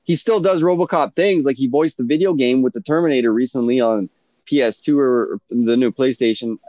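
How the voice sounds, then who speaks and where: A man's voice: mid-range voice, a little fast, dry recording. Swearing man telling stories, dry dull sound. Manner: animated storytelling, heavy swearing, many restarts. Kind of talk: casual chat.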